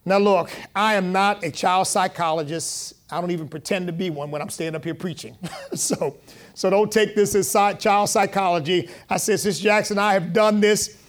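High-voiced man preaching a sermon. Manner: conversational preaching with call-and-response amens; animated, rising loud when quoting. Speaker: pastor.

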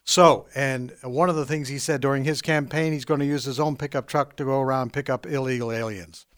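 A man from Canada co-hosting a radio talk show in a studio, running through news items briskly with wry asides. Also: medium pitch, steady tone, fairly bright tone. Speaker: radio co-host reading news.

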